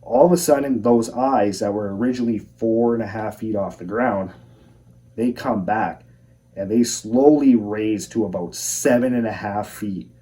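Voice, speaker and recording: Low mellow-voiced man telling a tale. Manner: measured, plain-spoken storytelling. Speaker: storyteller recounting his own encounter. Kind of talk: first-person encounter storytelling. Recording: voice a bit far from the mic.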